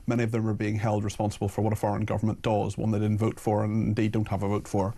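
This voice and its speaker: A man's voice: lowish voice, monotone, fast, mellow. A man with a Northern Irish accent hosting a phone-in radio show, reading listener messages aloud in an earnest, apologetic way. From Northern Ireland. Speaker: radio talk show host.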